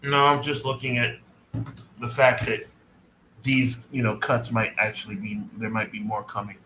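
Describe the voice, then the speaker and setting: A man's voice: mid-range voice, little pitch movement, normal speed, sharp tone, a little hiss or hum, poor audio. A man co-hosting a casual wrestling podcast, making blunt, sardonic remarks. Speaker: podcast co-host.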